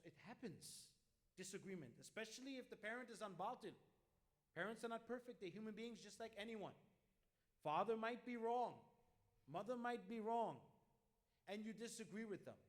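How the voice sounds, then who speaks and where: Guy with a high voice preaching tafseer at a mosque, earnest, gets loud acting out quotes. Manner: earnest, acts out quoted lines with sudden loud bursts. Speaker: imam giving Quran commentary. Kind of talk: mosque sermon.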